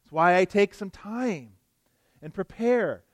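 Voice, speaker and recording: Guy pastor preaching a sermon, kinda high voice, earnest, asks lots of rhetorical questions, dry sound. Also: lively intonation, takes it slowly, no room sound. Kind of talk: expository sermon.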